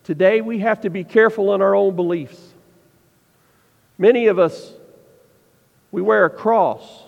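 A man preaching a sermon, asking the listeners pointed questions and slowing down to stress his points. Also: high-pitched, creaky. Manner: preaching with rhetorical questions and slowed emphasis. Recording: dull sound with long reverb.

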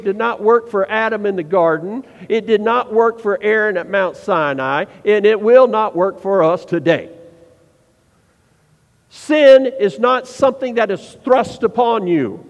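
Man, preacher, sermon, high voice, muffled recording. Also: expressive. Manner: preaching with rhetorical questions and slowed emphasis. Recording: dull sound with long reverb.

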